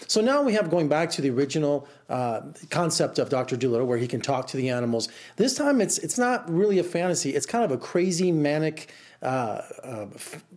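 A man's voice: fairly high pitch, darkish tone. A middle-aged man reviewing a film in a casual, rambling way, exasperated and full of restarts. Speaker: film critic. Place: Las Vegas.

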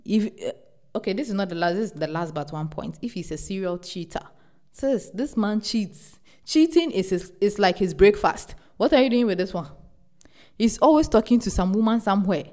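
Lively, emphatic young woman podcaster. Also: medium pitch, moderate pace. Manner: animated and emphatic, repeats words for stress. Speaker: podcast host. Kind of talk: casual relationship advice monologue.

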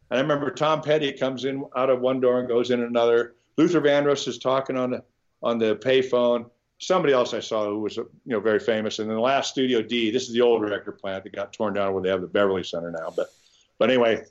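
A guitarist from Nebraska, a man with a mid-range voice, rambles through animated stories in a casual interview, restarting often and swearing now and then. The recording sounds muffled.

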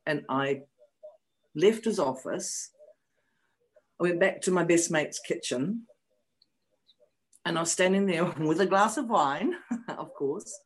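A woman's voice: fairly low pitch, expressive, slow, long pauses, husky, low-quality recording. Frank, emotional woman in her fifties. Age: 50s. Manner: frank and emotional, repeats phrases for emphasis; blunt, swears freely. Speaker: guest. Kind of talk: candid personal storytelling. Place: New Zealand.

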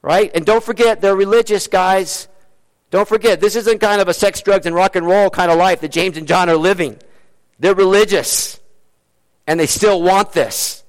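A male pastor preaching a Sunday sermon, pressing repeated rhetorical questions and dropping to a hushed, low voice as he closes. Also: moderate pace. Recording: reverberant hall.

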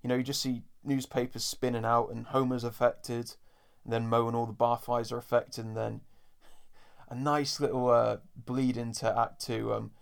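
A man's voice: medium pitch, level tone, moderate pace, gravelly, clean tone. A young man, hosting a casual, rambling podcast chat and playfully acting out quotes. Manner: rambling, filler-heavy, playfully acts out quotes. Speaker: podcast host. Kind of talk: casual chat reviewing a cartoon episode.

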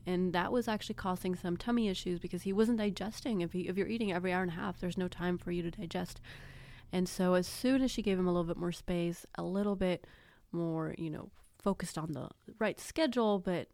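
A woman in her thirties talks through a casual podcast episode about baby sleep. Her voice sits a little low, and the recording is dry and close. She tells stories with animated quoted voices and frequent laughs. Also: dry recording. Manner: chatty and animated, acts out quotes, laughs often.

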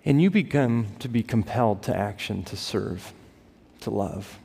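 A man preaching a sermon as pastor, building to emphatic peaks and dropping to soft, quiet lines. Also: lowish voice, expressive, unhurried, creaky, breathy edge. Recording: long reverb of a large hall.

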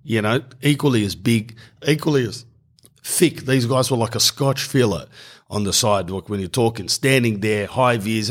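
A man's voice: lowish voice, moderate pace. A man telling a rambling comic story with self-mocking asides.

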